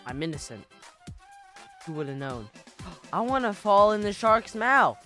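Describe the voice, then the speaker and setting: Over soft background music, a woman with a medium-pitched voice plays a video game and jokes around in an unhurried way. This gaming YouTuber is excitable, frequently yelping and laughing.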